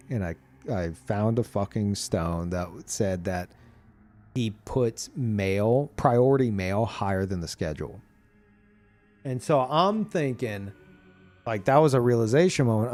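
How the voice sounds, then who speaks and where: A man streamer chatting casually about a video game, animated and profane, laughing often. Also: medium pitch, a little slow, faint music behind.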